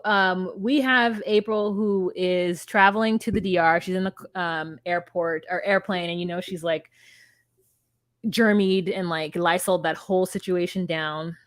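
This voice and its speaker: With clean studio sound and no echo, a young podcast co-host with a mid-range voice chats casually about reality TV. She recaps it bluntly and curses without restraint.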